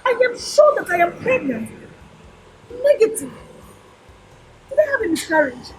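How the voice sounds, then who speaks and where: A woman's voice: very high voice, sing-song, a little slow, slight background noise, exaggerated voice, low-quality recording. An actress with a Nigerian accent playing a distraught young woman who has lost her memory, frantic and accusing. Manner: frantic, accusing, often shouting. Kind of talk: Nollywood film acting.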